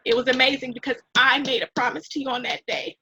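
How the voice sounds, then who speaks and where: A middle-aged woman hosting an interview, talking in a heartfelt, animated, mentoring way. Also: high-pitched, quick pace, slightly rough, rough recording. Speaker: host and nonprofit founder. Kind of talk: emotional casual interview.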